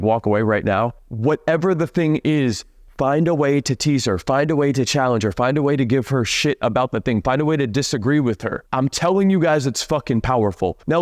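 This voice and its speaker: A young man coaching on dating, talking bluntly and profanely, and dragging out key words slowly for emphasis. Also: medium pitch, darkish tone, dry recording, clean studio sound. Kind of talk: direct-to-camera coaching talk.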